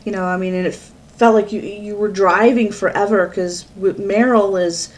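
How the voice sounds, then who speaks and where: Alone at home, a middle-aged vlogger from Pennsylvania on the US East Coast chats to her webcam, wandering from point to point and interrupting herself mid-sentence. She has a mid-range voice with a steady tone and a moderate pace. Faint hiss or hum can be heard.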